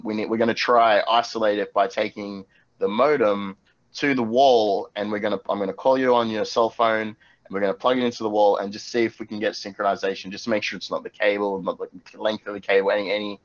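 A man's voice: on the low side, a little fast. Profane man telling a story. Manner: profane, animated storytelling with bursts of shouting. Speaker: podcast panelist. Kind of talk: casual storytelling. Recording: dull lo-fi podcast audio.

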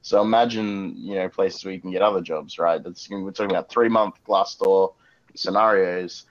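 A man telling a casual, profane story on a podcast, animated and at times shouting. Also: low voice, normal speed. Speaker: podcast panelist. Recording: dull lo-fi podcast audio.

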